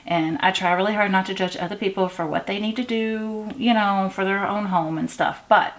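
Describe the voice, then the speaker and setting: A woman's voice: mid-range voice, steady tone, normal speed. A woman vlogger chatting casually at home while she works on a craft, rambling with many fillers and restarts.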